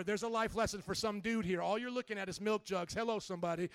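Brief: emphatic male pastor, rousing sermon, very high voice, dry close sound. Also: fast, few pauses, a bit bright, dry recording. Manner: emphatic, rousing, calls for responses.

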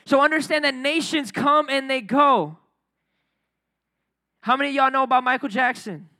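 A young man preaching a casual, energetic youth sermon, building up to near shouting at its peaks. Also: very high-pitched, normal speed, gravelly.

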